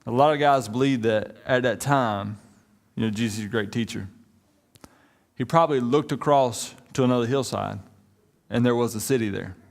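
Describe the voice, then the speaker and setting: A man's voice: medium pitch, normal speed, gravelly. A man, preaching a sermon in a conversational, joking way and addressing the congregation as y'all. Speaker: pastor.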